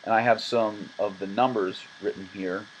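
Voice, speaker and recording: A male music teacher explaining meter in a screen-recorded lesson, counting rhythms aloud with emphasis in a relaxed, reassuring way. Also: on the low side, normal speed, highs cut off. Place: room at a laptop. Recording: laptop fan noise behind.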